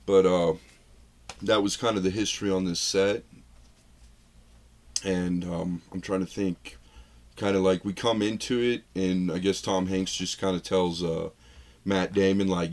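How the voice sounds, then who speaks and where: A man's voice: low voice, fairly even intonation, a little slow, long pauses, a little mellow. A man co-hosting a film review podcast, talking in a loose, rambling way, acting out lines he retells and laughing at his own jokes. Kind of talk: casual chat.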